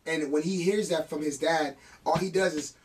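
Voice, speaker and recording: A man's voice: fairly high pitch, moderate pace, recorded from a distance, slight background noise. A man, a music producer, chatting in an interview, telling family stories with laughs and some emotion. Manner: emotional, laughing, animated storytelling. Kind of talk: casual interview chat.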